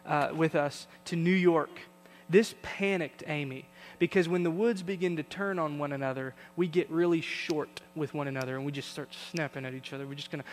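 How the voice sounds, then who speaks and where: A man's voice: sits high, big-room sound. A young adult male pastor preaching a sermon, telling a family story with acted-out voices and building to emphatic points.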